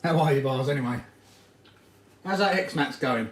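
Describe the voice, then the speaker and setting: A man's voice: medium pitch, moderate pace. A man hosting a casual livestream, rambling and chatting to viewers while he eats and works on his RC cars. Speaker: RC hobby livestream host. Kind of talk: casual livestream chat reading comments. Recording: echoey room with faint noise.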